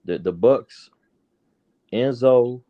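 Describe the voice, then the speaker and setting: A man's voice: medium pitch, very slow, phone-quality sound, slight background noise. A man joining a podcast as a guest, laid-back and joking. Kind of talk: casual podcast chat.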